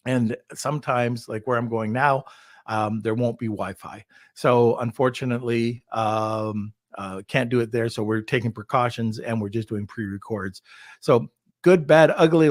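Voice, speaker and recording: A man hosting a podcast in a relaxed, upbeat way, full of fillers and asides. His voice sits at a middle pitch and the sound is dry and close, with no room to speak of. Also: no room sound. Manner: chatty, upbeat, lots of fillers. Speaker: podcast host. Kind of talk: casual podcast chat.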